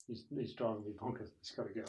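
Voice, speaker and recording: This recorded lecture features a man with a fairly low, fast voice, captured with background noise, teaching presentation skills in a room where a camera operator works. He talks to the viewer and to a person in the room. His style is animated and conversational as he demonstrates speaking loudly and softly.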